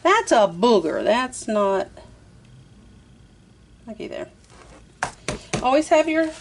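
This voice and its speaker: A woman's voice: high voice, big pitch swings, slow, pauses often, a little hiss or hum. A woman, chatting her way through a craft tutorial, talking to herself as she works. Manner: chatty, talks to herself while working, says "y'all". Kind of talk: casual step-by-step craft tutorial.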